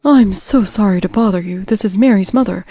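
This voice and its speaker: A woman voicing a gentle, apologetic older mother. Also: mid-range voice, fairly quick, no room sound, faint music behind, close to an everyday voice. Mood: sorrowful.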